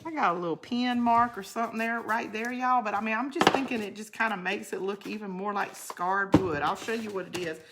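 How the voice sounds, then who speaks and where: A woman's voice: medium pitch, fairly quick, hardly any pauses, noisy background. A middle-aged woman hosts a casual craft livestream. She rambles chattily and answers viewer comments as she works. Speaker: craft channel host.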